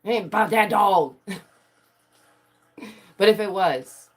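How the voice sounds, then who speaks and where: A woman's voice: mid-range voice, slow. A woman giving casual, sassy reaction commentary to her viewers, laughing often and using slang. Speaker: commentary streamer.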